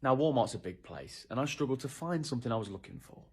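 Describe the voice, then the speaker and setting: A British man tells an amused story about himself, his voice swinging widely in pitch. His tone is a little husky, and his delivery is dry and self-mocking. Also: lively intonation, quick pace. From Britain. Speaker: vlogger. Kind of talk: humorous storytelling to camera.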